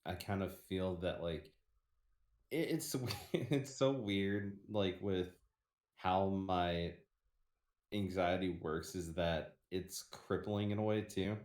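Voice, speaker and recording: A man with a very low voice speaks slowly as co-host of a casual livestream. He hesitates and restarts his sentences often. The room around him rings with echo. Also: a little mellow. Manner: halting, hesitant, many restarts.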